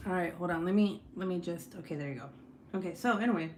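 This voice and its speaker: A young adult woman and mother, chatting casually while crafting at home, telling a story with lots of swearing and lively voice shifts. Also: fairly low pitch, brisk, reverberant, slight background noise. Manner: profane, animated storytelling. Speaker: vlogger, mom.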